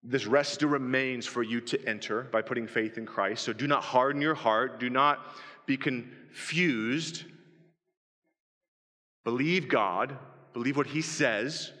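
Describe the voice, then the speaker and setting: A man's voice: medium pitch, unhurried, sharp tone. A man preaching a sermon to a congregation in a church, often asking rhetorical questions. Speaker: pastor. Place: church sanctuary. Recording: long reverb of a church hall.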